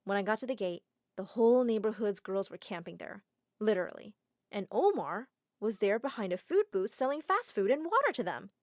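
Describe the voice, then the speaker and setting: A woman narrating a first-person animated drama story in an expressive, dramatic way. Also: mid-range voice, brisk, no room sound, clean studio sound.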